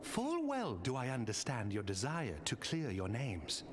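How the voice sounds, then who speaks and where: A courtly fantasy game ally whose voice rises and falls in sweeping, highly animated arcs. He speaks in earnest, old-fashioned phrasing, with steady noise underneath the game audio. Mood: earnest counsel. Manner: archaic, measured and earnest. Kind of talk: video game dialogue.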